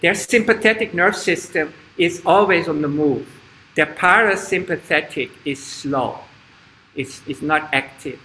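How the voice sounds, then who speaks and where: A man teaching a live online kids' yoga class over a video call, speaking in a slow, halting way with stops and restarts. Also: a little high, bright, forceful tone. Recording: echoey room, faint background noise.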